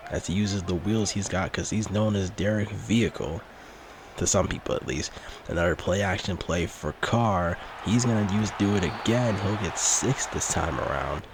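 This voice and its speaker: Low-voiced man calling a football video game. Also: moderate pace, background noise. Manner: mock sportscaster play-by-play, lively on big plays. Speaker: gaming YouTuber. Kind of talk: play-by-play game commentary.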